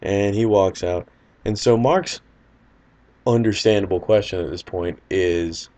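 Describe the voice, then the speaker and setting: A man's voice: fairly low pitch, a little slow, mellow. A man casually telling a personal anecdote in a loose, rambling, wry way. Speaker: storyteller.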